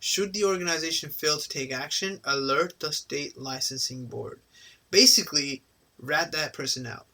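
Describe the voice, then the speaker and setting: At normal speed and with a sharp tone, this fairly high-voiced man teaches an informal exam-prep class. Points often end with a "right?", and he slips into quick impressions of anyone he quotes.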